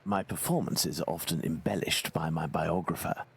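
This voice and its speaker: An actor playing a calm, formal, self-assured male detective in a video game. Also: very deep voice, moderate pace, vocal fry, husky, exaggerated voice. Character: calm, cerebral male detective Sherlock Holmes.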